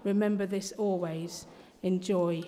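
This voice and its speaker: A woman voicing Jesus as a calm man who speaks in a slow, steady, reassuring way. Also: fairly low pitch, a little hiss or hum, lightly acted. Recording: long hall reverb.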